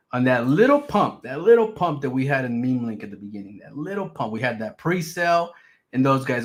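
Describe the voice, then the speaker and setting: A man giving casual, emphatic market commentary on his stream, repeating his points. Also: mid-range voice. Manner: emphatic, repetitive, animated swings in loudness. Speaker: crypto streamer.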